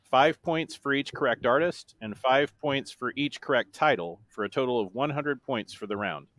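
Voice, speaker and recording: A man hosting a trivia round on a podcast, reading song lyrics in a deliberate flat monotone. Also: medium pitch, no echo. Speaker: guest quiz host. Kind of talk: reading quiz questions.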